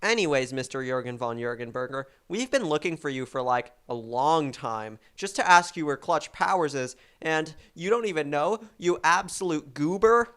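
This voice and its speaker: A podcast co-host with a deadpan, sarcastic delivery in a comedy sketch. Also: medium pitch, moderate pace, hardly any pauses, clean tone.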